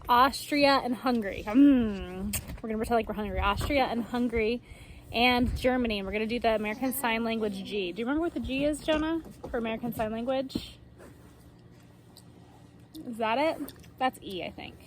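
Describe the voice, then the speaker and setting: A woman with a fairly high voice leads a relaxed homeschool lesson and talks her listeners through songs and motions. She chats along, fills gaps with little fillers, and acts out her examples. Faint room noise sits under her voice. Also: fairly quick. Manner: chatty, explains with fillers and acted-out examples. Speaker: homeschool teacher. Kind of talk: casual teaching of memory songs and motions.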